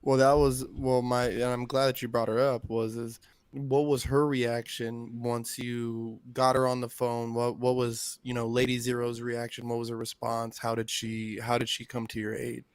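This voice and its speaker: A man co-hosting a podcast, asking questions in a halting way during casual chat. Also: mid-range voice, little pitch movement, clear, resonant tone, dry recording. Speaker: podcast co-host.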